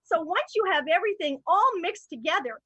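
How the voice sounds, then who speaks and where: A woman's voice: very high-pitched, expressive, brisk, fairly bright tone, dry recording, dull audio, voice pushed up. A woman playing a giddy young woman on her first day at a bakery in an improv scene, gushing and repeating herself. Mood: proud.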